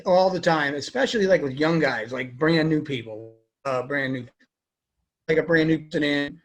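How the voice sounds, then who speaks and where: Young male vet, interviewee, rambling casual answers, higher-than-usual pitch. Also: normal speed. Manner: rambling, many fillers like "you know". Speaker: army veteran interviewee.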